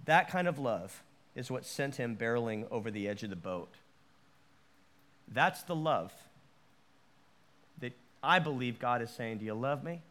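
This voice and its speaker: A man preaching a sermon, animated, with stammered restarts and acted-out quotes. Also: medium pitch, a little slow, long pauses. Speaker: pastor.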